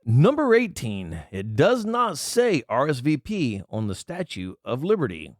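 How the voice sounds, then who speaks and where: A man's voice: medium pitch, big pitch swings, unhurried, dry recording, clean studio sound. Ranting man with a swooping voice. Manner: indignant ranting, reads out items and mocks them. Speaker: commentary channel host. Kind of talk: angry political commentary.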